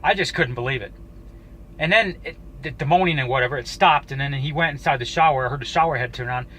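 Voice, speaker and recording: A man telling a personal story to camera in a casual, halting way, swearing often and restarting his sentences. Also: medium pitch, a bit bright, slight background noise, poor audio. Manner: profane, halting, with frequent restarts. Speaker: YouTuber.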